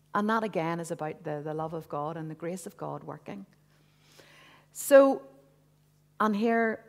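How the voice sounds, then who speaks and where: Earnest woman in her fifties giving testimony. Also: lowish voice. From Northern Ireland. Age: 50s. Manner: earnest, conversational, with frequent asides and restarts. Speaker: church speaker. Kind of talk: personal testimony talk to a congregation. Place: church hall.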